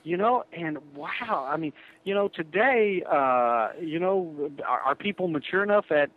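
A man spins a rambling anecdote full of fillers and restarts, his voice a touch high for a man. The sound is tinny and narrow, like a phone line on radio. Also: lively intonation, a little slow. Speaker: guest who verifies insurance applications. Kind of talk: casual radio chat.

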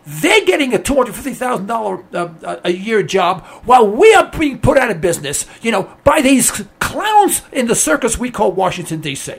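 A man's voice: extremely high pitch, very animated, moderate pace, gravelly, hardly any pauses, husky. A man giving a blunt, emphatic ranting monologue on politics, sarcastic and repetitive, hammering his points again and again. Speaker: political commentator.

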